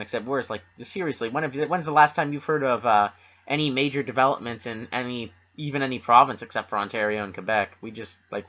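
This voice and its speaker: A man's voice: medium pitch, fairly bright tone. A young man from Canada co-hosting a casual podcast, chatty and opinionated with lots of fillers. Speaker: podcast co-host. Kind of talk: casual chat. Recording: dull lo-fi home recording.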